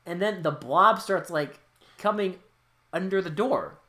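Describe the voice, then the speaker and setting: A podcast co-host in a casual movie recap chat, excitable and swearing freely with loud exclaims. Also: mid-range voice, measured pace.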